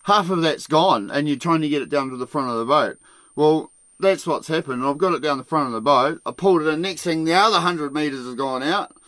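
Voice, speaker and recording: Swearing man telling a story, bright and dry. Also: on the high side, a little fast, dry recording. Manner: profane, laughs often, acts out other people's shouting. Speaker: podcast host telling a work story. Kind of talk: casual storytelling.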